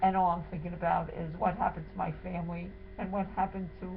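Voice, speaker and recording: A woman with a lowish voice and vocal fry talks fast with flat delivery. She is a wife giving an emotional, indignant first-person account of what happened to her and her husband, retelling it in a dramatic way. The sound is tinny, like a phone, with faint hiss.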